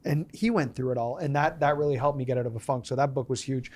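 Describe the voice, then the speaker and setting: Fast-talking and medium-pitched, a thirtysomething business owner being interviewed on a podcast animatedly recounts stories, performing the lines people said.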